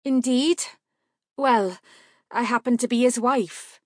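A woman voicing a young wife, anxious but spirited, speaking brightly and with emphasis. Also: fairly high pitch, slow, no echo, studio quality, voice pushed up. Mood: lively.

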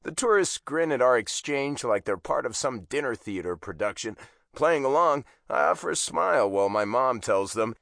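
A man narrating a first-person audiobook in a wry, expressive way, on a close studio mic. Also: medium pitch, moderate pace, gravelly, dry recording.

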